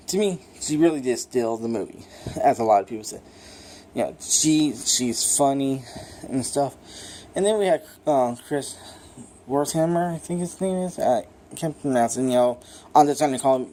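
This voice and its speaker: A man giving a casual, unscripted movie review, rambling and excitable, swearing freely and filling gaps with "you know" and "like". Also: medium pitch.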